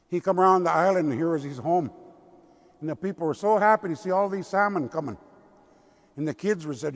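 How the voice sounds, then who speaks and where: An older man from the Lummi Nation, a tribal elder telling a traditional story in a slow, deliberate way. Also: fairly high pitch, gravelly. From Lummi Nation, Pacific Northwest. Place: cathedral. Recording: long cathedral reverb.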